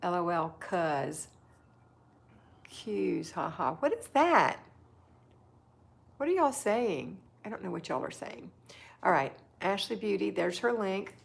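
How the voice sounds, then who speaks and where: A woman's voice: fairly low pitch, gravelly. A woman hosting a casual livestream, chatting affectionately and reading viewer comments aloud. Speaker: livestream host.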